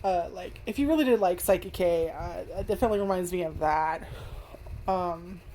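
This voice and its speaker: A woman's voice: fairly low pitch, normal speed, dark tone, slight background noise. A woman reviewing an anime at home in front of a webcam, rambling and swearing with lots of fillers. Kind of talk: casual video review. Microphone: webcam zoomed in on face.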